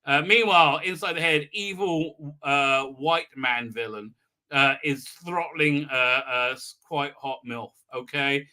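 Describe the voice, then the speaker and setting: Bright-voiced man mockingly recapping a show. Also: a little high, unhurried. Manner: mocking, acts out quotes in funny voices, many fillers and restarts. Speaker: host recapping a TV episode. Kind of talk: casual live-stream recap.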